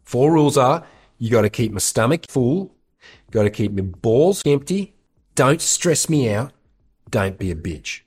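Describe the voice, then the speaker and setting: A man putting on the voice of a blunt, set-in-his-ways older man laying down rules, in a gruff, bossy manner. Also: medium pitch, very animated, measured pace, a little mellow.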